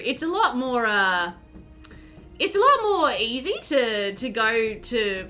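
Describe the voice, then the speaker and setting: A woman's voice: fairly high pitch, sharp tone. A woman with a South Australian accent, chatting casually on a game stream, reading chat aloud and laughing often.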